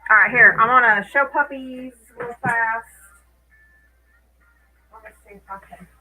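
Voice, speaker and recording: A woman's voice: on the high side, measured pace, narrow, tinny audio, faint music behind. A woman hosting a casual live stream from home, chatting with viewers by name and laughing often.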